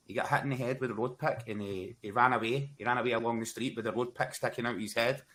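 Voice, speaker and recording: A man's voice: medium pitch, fairly even intonation, fast talker, crowd noise. Guy chatting on a podcast, easygoing, lots of "bro". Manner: laid-back storyteller, says "bro" and "hell yeah". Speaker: guest. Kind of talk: casual podcast chat.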